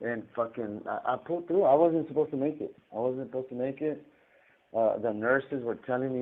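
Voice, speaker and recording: A man's voice: medium pitch, fairly quick. Profane man on a tinny phone line. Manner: profane, rambling, stammers and repeats words. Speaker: inmate on a collect call. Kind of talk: casual storytelling.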